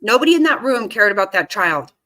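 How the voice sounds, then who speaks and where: A woman's voice: mid-range voice, very animated, brisk, bright, forceful tone. A woman giving casual reaction commentary on a court case, indignant and swearing freely as she talks back at the screen. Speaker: true-crime commentary host.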